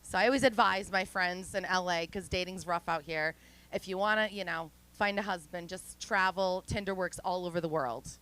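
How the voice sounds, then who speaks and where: A woman in her forties doing a stand-up comedy set, chatty and self-mocking, with deadpan throwaway asides. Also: fairly low pitch, moderate pace, clean tone, poor audio. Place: outdoor studio stage.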